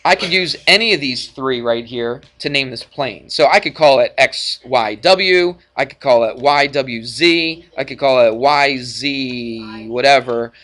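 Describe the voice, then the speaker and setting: A male math teacher lecturing a class in a classroom, energetic and jokey, often checking in with the students. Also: mid-range voice, unhurried, hardly any pauses. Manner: energetic, jokey, asks frequent check-in questions.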